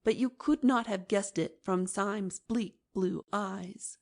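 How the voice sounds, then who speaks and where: Woman reading an old novel aloud, steady and expressive, mid pitch. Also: takes it slowly. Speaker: audiobook narrator. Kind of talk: scripted narration.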